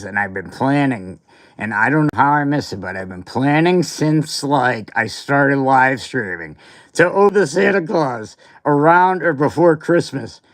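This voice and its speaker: A man hosting a casual livestream, rambling and grumbling with mild cursing. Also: mid-range voice. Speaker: livestream host.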